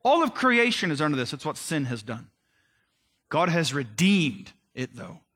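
A man's voice: on the high side, moderate pace, breathy edge. A man delivering a casual, conversational sermon as a pastor, speaking to his listeners directly and informally. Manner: conversational, animated, addresses listeners as guys and man.

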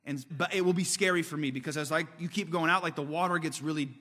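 A man's voice: fairly high pitch, fast, bright, forceful tone, long reverb tail. A man from Indiana preaching a sermon as pastor, telling stories in a casual, conversational way. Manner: conversational, storytelling.

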